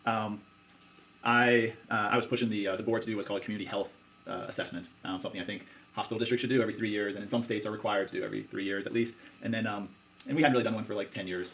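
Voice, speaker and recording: Rapid-talking man, halting with fillers. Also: fairly low pitch, steady tone, a bit bright, slight background noise, low-quality recording. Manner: halting, many fillers and restarts. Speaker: hospital district commissioner. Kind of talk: conversational interview.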